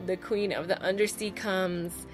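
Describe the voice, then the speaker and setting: A woman with a lowish voice reviews a novel on her channel at a normal speed while music plays behind her. It's a casual, spoiler-filled review, gushing and chatty, full of "like" and "oh my God."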